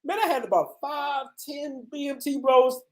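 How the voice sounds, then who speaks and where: A man's voice: extremely high pitch, moderate pace. A man from the United States who hosts a travel channel, telling viewers a story in a loose, slangy way, full of "man" and "bro", outdoors on a street. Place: outdoors on a city street at night.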